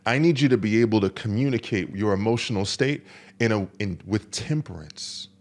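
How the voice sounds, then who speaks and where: A man's voice: on the low side, expressive, normal speed, a little mellow. A man hosting a podcast, coaching other men in an emphatic, repetitive monologue. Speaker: men's coach and podcast host.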